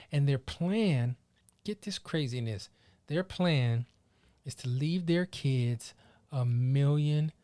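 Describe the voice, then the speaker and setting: A man hosting his own podcast solo, chatting casually in animated, slangy riffs. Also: on the high side. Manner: animated, slangy, playful riffing. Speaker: podcast host.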